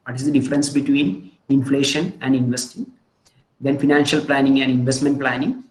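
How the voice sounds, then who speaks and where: A man with an Indian English accent gives a webinar lecture over a video call. He talks haltingly, with many fillers and frequent "hmm?" check-ins to listeners. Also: mid-range voice, flat delivery, a little mellow, roomy sound, low-quality recording. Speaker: webinar presenter on investing. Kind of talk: online lecture with slides.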